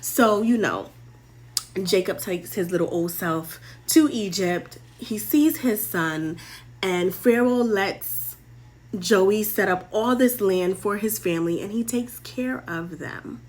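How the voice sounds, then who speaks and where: A woman's voice: mid-range voice, takes it slowly. A young woman hosting a show, casually retelling a Bible story in playful, slangy language with lessons at the end. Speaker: host.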